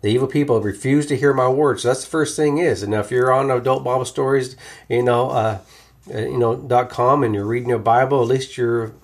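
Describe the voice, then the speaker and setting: A man teaching from the Bible in a relaxed, conversational way, often restarting his sentences with fillers. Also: medium pitch, fairly quick.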